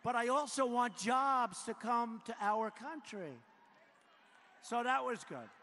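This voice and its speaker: A man in his seventies giving a boastful, repetitive political rally speech in a large arena, often breaking into shouts. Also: very high voice, expressive, slow pace. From United States. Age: 70s. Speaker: president addressing a rally. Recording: long hall reverb with faint noise.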